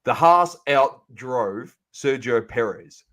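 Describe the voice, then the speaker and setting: A man co-hosting a sports podcast, chatting casually and animatedly, calling out to the audience as ladies and gentlemen. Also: mid-range voice, slow pace. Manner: animated, banter-heavy, addresses listeners as ladies and gentlemen. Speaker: podcast co-host.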